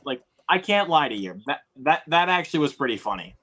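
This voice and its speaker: A man's voice: fairly high pitch, big pitch swings, fairly quick, pushed and bright. A young man hosting a live stream, rambling in a laid-back way with lots of fillers. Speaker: streamer host. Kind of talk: casual chat.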